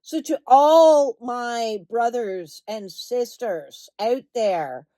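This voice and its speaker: A woman's voice: a little high, very slow, warm tone, no room sound. A woman speaking as a spiritual healing coach, blunt and emphatic, swearing freely and stretching words for stress, then turning soothing and reassuring. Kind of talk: impassioned direct-to-camera talk.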